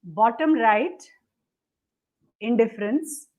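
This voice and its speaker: A woman's voice: on the high side, slow pace, narrow, tinny audio. Woman teaching step by step. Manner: dictates step by step, acts out quoted attitudes. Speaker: relationship coach guest. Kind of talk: instructive conversation.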